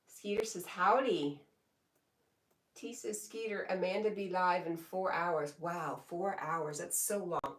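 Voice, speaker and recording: A woman casually chatting on a live stream, reading viewers' comments aloud in a relaxed way and laughing often. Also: fairly low pitch, slow, recorded from a distance. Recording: echoey room, voice a bit off mic.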